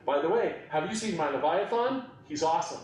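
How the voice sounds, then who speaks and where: A man reading as a mighty God firing questions from a storm, slowed and emphatic, with a lively rising pitch. It sounds like a very echoey room with the mic set some way back. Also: distant mic, close to an everyday voice. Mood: playful boasting.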